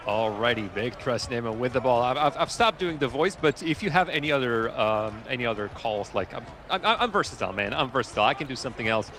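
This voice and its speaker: A man's voice: mid-range voice, normal speed, a bit bright, a little hiss or hum. A man giving live color commentary on an esports basketball game, laid-back and playful.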